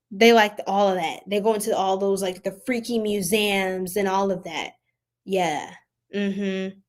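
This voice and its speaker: A woman giving a casual tarot reading to her viewers, slangy and playful, laughing often and swinging from loud outbursts to soft asides. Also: mid-range voice. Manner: slangy, repeats phrases. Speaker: tarot reader.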